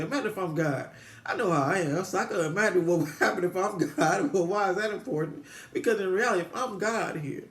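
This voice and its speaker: A man whose voice sits on the high side muses about God for his viewers in an echoey room. He meanders and repeats, restarting often and posing rhetorical questions.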